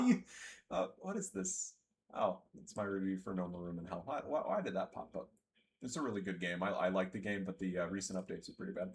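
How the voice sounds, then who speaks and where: A young man rants his way through gameplay commentary in a mid-pitched voice. His delivery is sarcastic and very animated, with pitch jumping between loud yelled outbursts and low, muttered asides. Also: brisk. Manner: sarcastic, swings between yelling and low mumbling.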